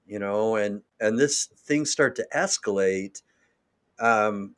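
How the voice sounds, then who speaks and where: Slow-talking male interview host. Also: lowish voice. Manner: attentive, encouraging, frequent short affirmations. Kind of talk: conversational interview.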